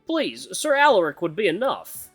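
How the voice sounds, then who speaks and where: Guy doing a big hearty russian-accent guildmaster, slow and grand, bouncy pitch, dry sound. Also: huge pitch swings, fairly bright tone, slightly rough, dry recording, faint music behind, heavily acted. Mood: genial. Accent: put-on Russian. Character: broad genial male guildmaster, formal and hearty.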